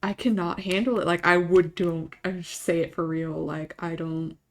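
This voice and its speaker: A woman's voice: on the low side, fairly even intonation, normal speed. A woman streamer chatting casually to her live audience, rambling, emotional and often laughing, restarting her thoughts.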